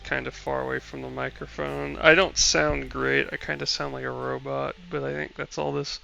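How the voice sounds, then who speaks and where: Male streamer, gravelly and sharp-toned, offhand muttering commentary; dull headset-mic audio. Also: mid-range voice, monotone, fairly quick, soft background music. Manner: offhand, mutters to himself while playing. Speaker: gamer streaming a playthrough. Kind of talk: casual gameplay commentary.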